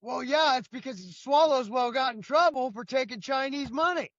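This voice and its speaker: A middle-aged man with a high, bright voice, co-hosting a political talk show with indignant, emphatic rants. The sound is dry and a little dull and lo-fi. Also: moderate pace, no room sound. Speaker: co-host.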